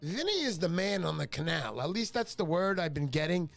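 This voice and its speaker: A man's voice: a little high, sing-song, a little fast, vocal fry, soft background music. A middle-aged man hosting a casual fishing livestream, chatty and joking as he greets viewers by name. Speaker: fishing show host. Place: home livestream.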